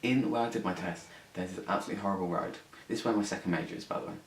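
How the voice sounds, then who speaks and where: A young vlogger with a low voice tells a rapid-fire story that's rambling, sweary, and indignant. The mic sits at a distance in an echoey room, leaving a faint hiss.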